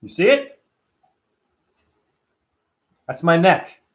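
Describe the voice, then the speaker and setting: High-voiced, emphatic man vlogging. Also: drawn-out words. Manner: emphatic and animated, with casual swearing. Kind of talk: casual vlog monologue.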